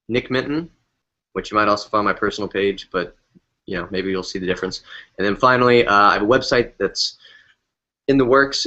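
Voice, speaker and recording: A man speaks as a guest on a casual live online show, pausing and filling as he lists his details. His voice sits fairly low yet sounds bright and forceful. The audio is dull and lo-fi. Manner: halting, with fillers. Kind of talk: casual interview answers.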